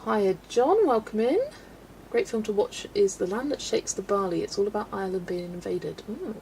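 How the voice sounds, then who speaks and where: Reading viewer comments aloud and laughing often, a British host rambles chattily through a casual colouring livestream. She speaks at a moderate pace in a medium-pitched, darkish voice, with a slight hiss or hum audible.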